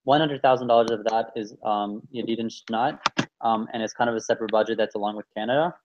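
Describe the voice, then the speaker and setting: A man walks through numbers on a video call, pausing often with fillers. The sound is dull and lo-fi, as over a call. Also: lowish voice, steady tone, background noise. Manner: hesitant, many fillers. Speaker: meeting presenter. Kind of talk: casual video call meeting.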